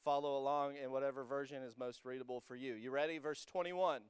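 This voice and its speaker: A young man preaching to a student congregation, energetic and joking with the crowd, rising to emphatic peaks as he reads scripture. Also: mid-range voice, a little fast, clear, resonant tone, no room sound, clean studio sound. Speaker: youth pastor. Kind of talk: sermon. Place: church hall with a student congregation.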